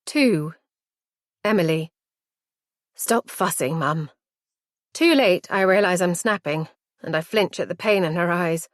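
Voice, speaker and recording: A woman's voice: fairly low pitch, animated, no echo, studio quality. Intimate woman audiobook narrator. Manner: measured, intimate, reflective. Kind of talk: first-person audiobook narration.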